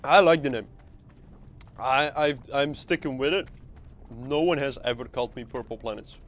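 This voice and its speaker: A man's voice: mid-range voice, moderate pace, fairly bright tone. Guy streaming a game, rambly and joking around, swears a bit. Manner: rambling, playful, swears casually. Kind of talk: casual live game stream chat.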